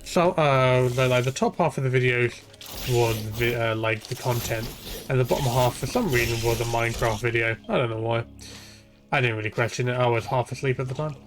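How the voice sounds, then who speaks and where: A man's voice: mid-range voice, steady tone, brisk, music in the background. A young man ranting and swearing freely while streaming a game, rambling from point to point. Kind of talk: ranting live gameplay commentary.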